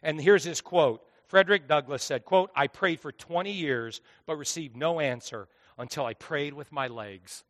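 Pastor guy preaching, high bright voice, hushed then loud, big reverby hall. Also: normal speed, hardly any pauses. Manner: preaching with sweeping swings between hushed and loud. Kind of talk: sermon.

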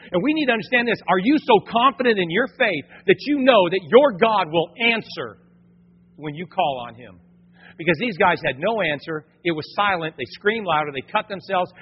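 A husky, fairly high-voiced man preaching a sermon, talking straight to his congregation and slipping in street slang. His voice rings with a long hall reverb, and the recording sounds dull and lo-fi. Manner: lively preaching with casual slang and acted-out quotes. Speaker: pastor.

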